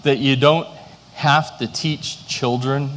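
A man's voice: mid-range voice, fairly even intonation, slow, fairly bright tone, long reverb tail, slight background noise. A middle-aged man, a pastor, preaching a sermon with storytelling and self-deprecating humor.

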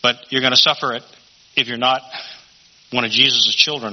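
A man's voice: medium pitch, fairly even intonation, moderate pace. A man teaching a Bible study in a conversational sermon style, often asking rhetorical questions. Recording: dull lo-fi recording.

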